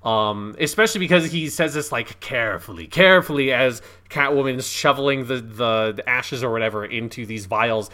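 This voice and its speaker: A man co-hosting a film podcast, talking in a relaxed, chatty way with fillers and some swearing. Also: mid-range voice, normal speed, hardly any pauses. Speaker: podcast co-host. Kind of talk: casual film discussion.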